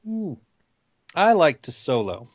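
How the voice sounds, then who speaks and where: A man's voice: on the high side, dry recording. Man, podcast co-host, casual, hesitant, dry recording. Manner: relaxed, halting, many restarts. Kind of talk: casual chat.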